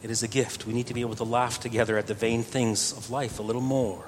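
A man preaching a sermon earnestly, his voice swelling louder on key phrases. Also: little pitch movement, quick pace. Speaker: pastor. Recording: reverberant church hall with faint rumble.

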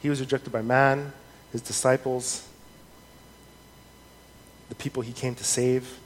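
A man preaching a sermon in an earnest, measured way, reading scripture aloud with rising emphasis. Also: medium pitch, flat delivery. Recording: long hall reverb, faint noise.

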